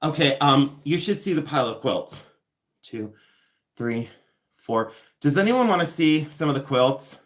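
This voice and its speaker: A man hosting a casual live stream, chatty and excitable, talking straight to the chat and slowing down to explain details. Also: fairly high pitch. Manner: slows down to explain quilt details. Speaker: live-stream reseller host.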